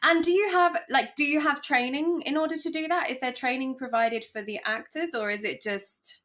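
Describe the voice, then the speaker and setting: A woman's voice: high-pitched, normal speed, a bit bright. A woman co-hosting a podcast who asks curious questions in a casual chat. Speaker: podcast co-host.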